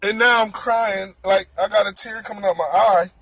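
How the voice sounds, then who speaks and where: High-voiced animated man telling a story. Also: moderate pace. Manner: animated, exclaiming, repeats words. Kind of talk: comic storytelling.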